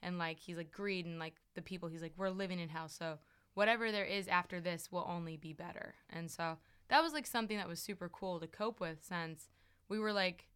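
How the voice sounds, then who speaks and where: Bright, clear-voiced woman telling stories. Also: fairly low pitch, a little fast. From farm upbringing, rural. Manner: storytelling, many fillers, acts out quotes. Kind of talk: casual chat.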